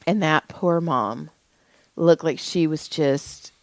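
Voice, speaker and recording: A woman's voice: deep voice, slow, dry recording. A woman in her forties telling rambling, profane stories in casual chat as podcast co-host. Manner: rambling storyteller, swears freely.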